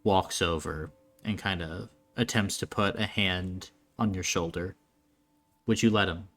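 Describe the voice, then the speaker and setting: A man runs a tabletop game and narrates scenes in a soft, measured voice. His voice is low-pitched but bright, and his pace is very slow. Faint music plays underneath. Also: fairly even intonation. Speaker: game master.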